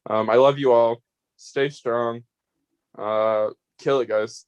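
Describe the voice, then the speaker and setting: A man's voice: medium pitch, fairly even intonation, slow, a little mellow, smooth, highs cut off. Rambling, cursing young man saying goodbye. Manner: rambling, swears freely, grows emotional. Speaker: eliminated player. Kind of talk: farewell speech on voice chat.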